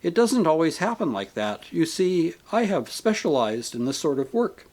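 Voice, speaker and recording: A man voicing a gentle, patient male spirit who speaks calmly and kindly, reasoning with a grieving soul in an audiobook. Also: a little high, normal speed. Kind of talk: audiobook character reading.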